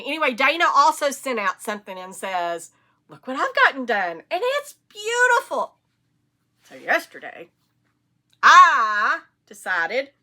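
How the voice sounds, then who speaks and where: Bright chatty Southern woman. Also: sits high. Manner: chatty, rambling, enthusiastic. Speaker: knitting podcast host. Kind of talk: casual chat.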